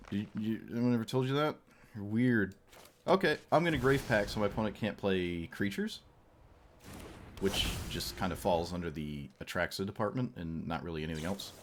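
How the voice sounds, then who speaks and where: A man's voice: lowish voice, slight background noise. A man streaming a card game, giving playful, joking commentary and talking at his opponent. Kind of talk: casual gameplay commentary.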